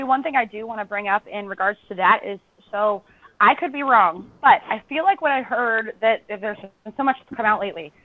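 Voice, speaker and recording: A woman hosting a podcast in casual chat, telling stories in an animated way and jumping up in pitch when she quotes herself. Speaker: podcast host. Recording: tinny phone-like line.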